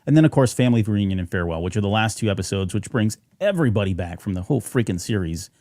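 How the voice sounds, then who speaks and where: Male podcast co-host, casual and rambling, low mellow tone, dry close mic. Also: animated, very fast, dry recording. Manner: rambling, many fillers and restarts. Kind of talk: casual fan podcast chat.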